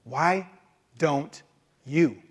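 Gentle pleading deity, quiet and slow, as a preacher speaks his lines. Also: on the high side. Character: patient, pleading male deity.

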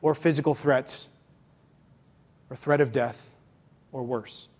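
A man preaching a sermon as pastor, animated, acting out complainers in mocking voices. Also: medium pitch, slow pace, big-room sound. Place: church.

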